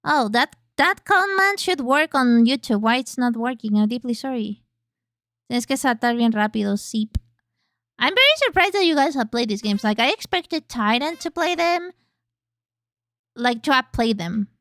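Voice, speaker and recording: A VTuber streamer, young and female, plays games at home with her mic close and no room sound at all. She speaks in a high, bright, clear, sing-song voice at a moderate pace, chatting and cursing freely, reading messages from chat, and squealing in bursts mid-game.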